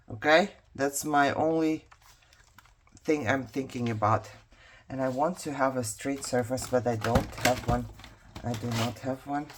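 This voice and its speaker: A craft vlogger who isn't a native English speaker chats and tells a story while she works, rambling, laughing a lot, and talking to herself. Her voice is low and fairly bright, with a little hiss or hum in the background.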